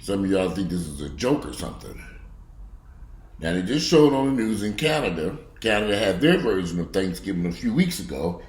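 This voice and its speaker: A man in a profane, angry rant. He curses bluntly and mocks people, swinging between low grumbling and loud outbursts. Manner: blunt, heavy cursing, mocking. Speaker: video blogger. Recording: echoey room.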